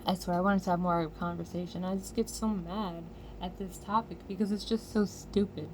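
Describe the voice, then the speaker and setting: An American woman vlogger delivering a heated, profane commentary rant with loud outbursts. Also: lowish voice, steady tone, brisk, a little hiss or hum.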